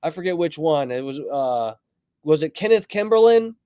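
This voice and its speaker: A man hosting a livestream, telling a story in a rambling, profane, animated way and greeting viewers in chat as he goes. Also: fairly high pitch, moderate pace, clean tone, dry recording, clean studio sound. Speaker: livestream host.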